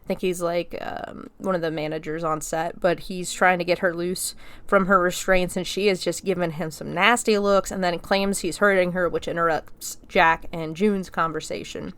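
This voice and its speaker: A woman's voice: fairly low pitch, fairly even intonation, moderate pace, fairly bright tone, clear, resonant tone. A woman hosting a podcast, casually recapping a movie scene by scene, chatty and swearing freely as she acts out the quotes. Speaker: podcast host.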